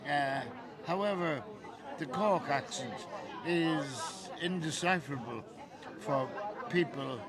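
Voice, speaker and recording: Irish man, bar regular, blunt and sweary, slow speech, slightly high voice, loud outdoor bar crowd behind.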